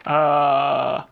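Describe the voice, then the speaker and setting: A man co-hosting a podcast, talking casually in a raised, gravelly voice. He rambles and trails off mid-thought, then picks the thread back up. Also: a little high, phone-quality sound. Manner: rambling, trails off hunting for titles. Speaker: podcast co-host. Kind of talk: casual chat.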